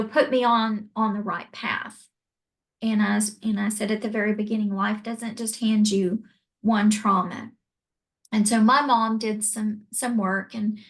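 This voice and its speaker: A woman telling a deeply personal story as an interview guest, earnest and reflective. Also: rough recording.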